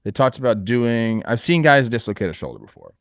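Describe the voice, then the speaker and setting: A middle-aged man co-hosting a baseball talk show, giving relaxed analysis from his playing experience. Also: mid-range voice, brisk, dry recording, studio quality. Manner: relaxed, hedging with fillers. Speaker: co-host, former player. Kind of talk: casual sports analysis.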